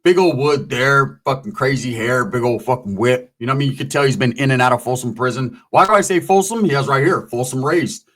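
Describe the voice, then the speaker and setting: A man's voice: mid-range voice, a little fast, few pauses, fairly bright tone. A man casually telling a long, profane story, acting out the voices of the people in it. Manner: profane, rambling, acts out voices.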